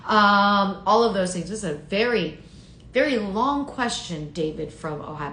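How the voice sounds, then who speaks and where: A woman's voice: medium pitch, expressive, normal speed, a bit bright, roomy sound, a little hiss or hum. A woman hosting a casual live stream on her phone, chatting and answering viewers' comments by name. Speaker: livestream host reading chat.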